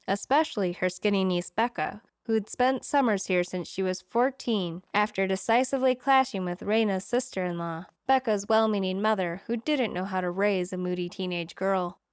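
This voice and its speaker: Brief: female audiobook narrator, steady expressive reading, mid pitch, very dry close sound. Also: smooth, no room sound. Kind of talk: scripted storybook narration.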